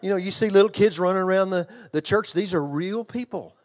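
An older man delivers a sermon in a fairly high voice. He preaches emphatically but conversationally, turning to his congregation with questions. He repeats phrases for weight and restarts lines as he goes. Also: fairly quick. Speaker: pastor and children's ministry trainer.

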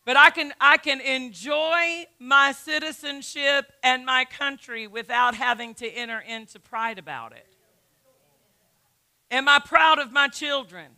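A woman's voice: high voice, a little slow, sharp tone. A middle-aged woman pastor preaching a sermon. She teaches emphatically, asks rhetorical questions, and often repeats words and restarts.

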